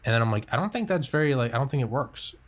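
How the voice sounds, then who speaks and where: A man's voice: medium pitch, lively intonation, rapid-fire. A young man hosting a casual podcast chat, talking candidly, swearing freely and acting out his own thoughts. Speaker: podcast host.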